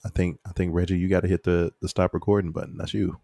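A man's voice: sits low, flat delivery, fast, gravelly, warm tone, dry recording, clean studio sound. A man co-hosting a podcast in casual, rambling chat, laughing often. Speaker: podcast co-host.

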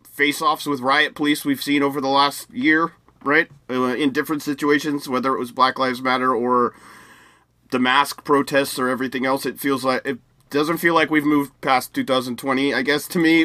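A podcast co-host chats casually, rambling along and correcting himself as he goes, with frequent restarts. His voice sits on the high side with a sharp tone, and the recording is dry.

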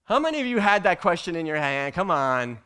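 A man teaching a church group, telling a personal story with animated delivery that builds to loud, emphatic peaks. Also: a little high, brisk, clean tone. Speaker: church teacher presenting slides.

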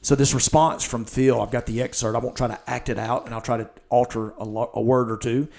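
A man's voice: mid-range voice, flat delivery, a little fast, vocal fry, a little mellow. A man hosting a church podcast conversation, talking earnestly and retelling scenes with quoted lines.

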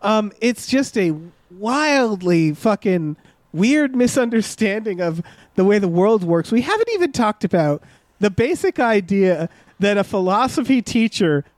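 A man's voice: high voice, very animated, unhurried, no room sound. A man co-hosting a casual podcast, reviewing a movie in exasperated, sweary bursts with lots of restarts. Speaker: podcast co-host.

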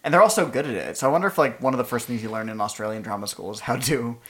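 Very low-voiced woman musing wryly. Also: racing. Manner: musing, trails off, wry. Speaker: podcast co-host. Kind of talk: casual movie chat.

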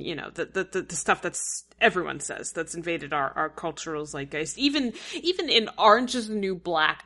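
A young woman co-hosting a podcast, chatting in a rambling, enthusiastic way with quick laughs and sudden jumps up in pitch. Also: a bit bright. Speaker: podcast co-host. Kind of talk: casual chat.

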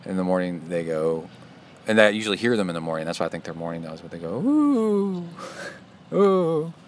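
A man's voice: low-pitched, steady tone, very fast, a little hiss or hum. A middle-aged man hosting a podcast, talking in a chatty, self-deprecating way that wanders off into side stories. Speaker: podcast host. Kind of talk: casual rambling podcast monologue.

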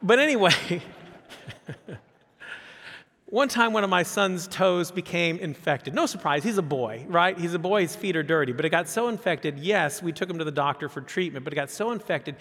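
Man in his fifties, pastor, sermon, animated, rhetorical questions, high voice, long hall reverb. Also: normal speed.

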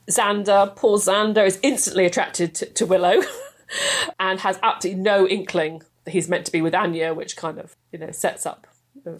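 A woman chatting enthusiastically as a guest, laughing often. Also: on the low side. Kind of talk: casual chat.

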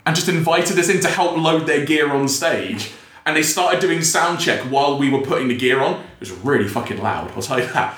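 A young man hosting a podcast, telling stories in a lively way and laughing often. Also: fairly high pitch, fairly quick. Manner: animated storyteller, acts out quotes, laughs often. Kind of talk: casual chat. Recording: roomy echo.

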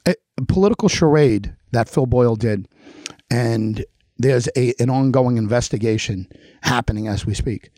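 New male host, fiery call-out monologue, very animated pitch, dry close sound. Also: normal speed, no room sound. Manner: combative, repeatedly challenging an absent official; emphatic, repetitive rhetorical questions. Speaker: show host. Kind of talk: heated political monologue.

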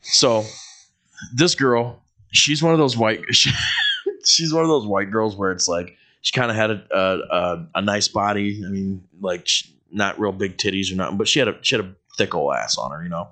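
A man's voice: on the low side, normal speed. A man co-hosting a podcast, telling crude workplace stories with lots of laughter and acted-out quotes. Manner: animated, profane, laughs often, acts out quotes. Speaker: podcast co-host. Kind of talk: crude casual storytelling.

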